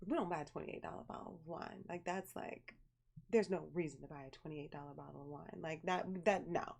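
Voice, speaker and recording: Young woman streamer just chatting, telling a story all animated, thanking chat. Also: low voice, brisk, vocal fry. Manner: chatty, animated storyteller who reads viewer messages aloud. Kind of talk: casual live-stream chat.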